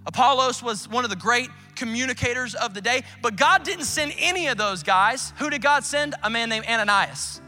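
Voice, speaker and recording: A man preaching a sermon as pastor, lively and casual, acting out conversations with God in quick bursts. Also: very high voice, long reverb tail, soft background music. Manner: animated, acts out dialogue with God.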